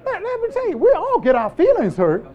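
An animated male preacher with a lively, wide-ranging pitch, pressing his points through repetition and call-and-response. His voice swings between booming emphasis and hushed softness. The recording is dull and lo-fi. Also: fairly quick, a crowd in the background. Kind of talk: sermon.

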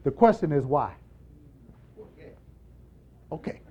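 An animated male preacher with a lively, wide-ranging pitch, pressing his points through repetition and call-and-response. His voice swings between booming emphasis and hushed softness. The recording is dull and lo-fi. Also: normal speed, long pauses. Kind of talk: sermon.

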